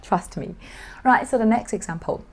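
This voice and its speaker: A woman teaching an online language lesson, explaining clearly and dropping to a whisper for asides. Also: on the high side, moderate pace.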